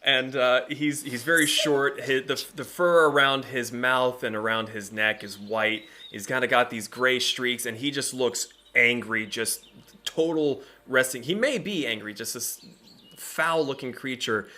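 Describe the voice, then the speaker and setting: Bright-voiced man running a tabletop game. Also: mid-range voice, a little slow. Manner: laughs often while narrating. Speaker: game master.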